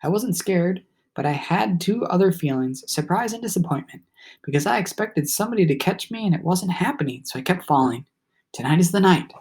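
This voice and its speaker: Husky-voiced man reading a storybook. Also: high-pitched, animated, brisk, a little mellow. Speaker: audiobook reader. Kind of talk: first-person storybook narration.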